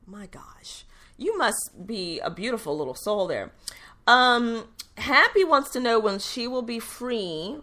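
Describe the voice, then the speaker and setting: A middle-aged woman hosting a solo radio talk show, her voice bright and forward in tone. She rambles in an easy, upbeat way, sprinkling in fillers and restarting her sentences as she answers listener questions. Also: mid-range voice. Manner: chatty, upbeat, frequent fillers and self-corrections. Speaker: radio show host and intuitive reader.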